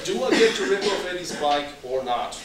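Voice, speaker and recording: A cheeky teenage boy talks back to his father with sarcasm, read aloud by a man. The voice is high and bouncy. It sounds captured from far away in a very echoey room with steady background noise. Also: normal speed, over a noisy crowd. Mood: defiant. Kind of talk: reading a comic dialogue aloud. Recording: echoey hall, mic far off, noisy.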